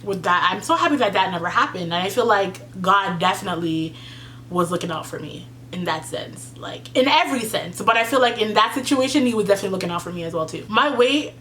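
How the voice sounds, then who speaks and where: A woman's voice: mid-range voice, sharp tone, a little hiss or hum. A young woman vlogger telling a personal story to camera, earnest and tearful, with many fillers and repeats. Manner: earnest, heartfelt, fillers and repeats, fighting back tears.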